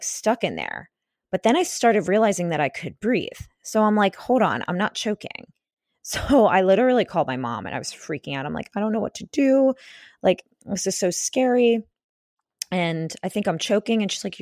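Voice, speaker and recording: A woman in her thirties hosts her podcast solo, talking in a casual, rambling way full of fillers and restarts. Her voice sits low for a woman, and the sound is dry and close with no room around it. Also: darkish tone, dry recording. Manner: chatty storytelling with many fillers and restarts. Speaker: podcast host.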